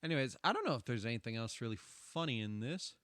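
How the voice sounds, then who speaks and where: A man streamer giving casual, profane commentary over his own stream highlights, ranting animatedly and laughing often. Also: animated, fast talker, fairly bright tone, no echo.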